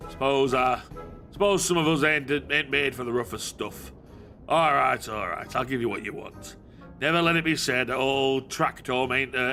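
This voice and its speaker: A man voicing a boastful, gruff male hero who brags in a thick, folksy dialect. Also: fairly high pitch, sharp tone, voice pushed up, full character voice. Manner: blustering, dialect-heavy bragging.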